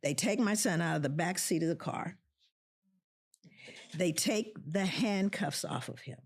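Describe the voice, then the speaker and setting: A woman's voice: fairly low pitch, a little slow, gravelly, breathy edge. A middle-aged woman, a professor of social work, tells a personal story with passion, acting out the voices of the people in it and repeating lines for emphasis. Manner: impassioned, acts out quoted voices, repeats for emphasis. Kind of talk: emotional storytelling.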